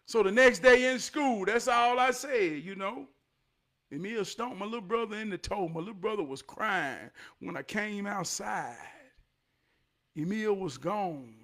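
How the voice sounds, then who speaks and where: A man in his forties telling a neighborhood story from his youth, animated, swinging from loud bursts down to a hush. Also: high voice, measured pace. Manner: animated, loud bursts, drops to hushed tones. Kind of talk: casual storytelling vlog.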